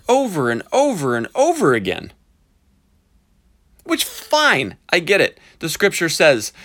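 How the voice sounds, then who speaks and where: Sarcastic man ranting in commentary. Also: on the high side. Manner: sarcastic, animated, emphatic with drawn-out stresses. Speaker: podcast commentator.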